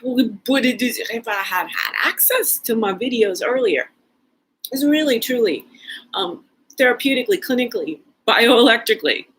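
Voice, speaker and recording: A woman delivering a rambling solo video monologue as a posture and movement educator. She is excitable and often trails off into hushed asides. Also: on the high side, normal speed, husky, poor audio.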